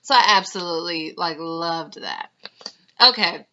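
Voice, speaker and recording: A woman's voice: lowish voice, animated, measured pace, bright, forceful tone, slight background noise. A young woman chatting through a casual recap of a reality TV episode, laughing and mimicking the people she talks about. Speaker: reality TV reviewer. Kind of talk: casual video commentary. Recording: slightly dull lo-fi sound.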